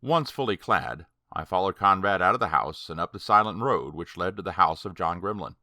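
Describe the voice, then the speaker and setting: A man narrating a horror story audiobook in a slow, dramatic, deliberate way. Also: low voice, animated, bright, forceful tone, no room sound, clean studio sound.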